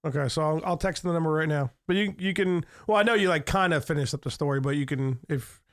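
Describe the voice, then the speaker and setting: A man's voice: on the high side, fast. A man hosting a podcast in casual chat, loose, jokey and profane. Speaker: podcast host.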